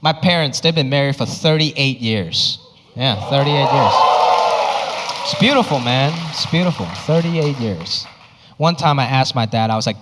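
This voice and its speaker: A young man from Hong Kong doing a stand-up comedy set, telling animated stories and slipping into his family's voices. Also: mid-range voice, normal speed, background noise. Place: live comedy stage before an audience. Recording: live show in a reverberant hall.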